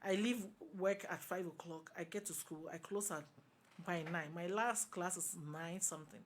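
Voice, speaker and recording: A Ghanaian-accented woman argues passionately as a talk show panelist, forcefully hammering her opinions and repeating points for emphasis. Her voice sits on the low side and she speaks at a normal speed.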